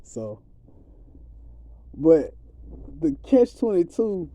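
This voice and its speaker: A man's voice: sits high, big pitch swings, very slow, dark tone. A man giving a rambling, streetwise spiritual monologue in a casual, preachy way. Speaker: vlogger.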